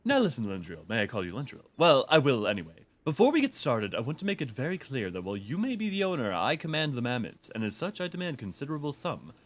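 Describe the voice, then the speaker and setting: A man's voice: medium pitch, huge pitch swings, quick pace, few pauses. A man voicing a pompous, demanding little furry creature on a game stream, reading its lines in a haughty, mock-formal way. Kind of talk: reading game dialogue aloud in character.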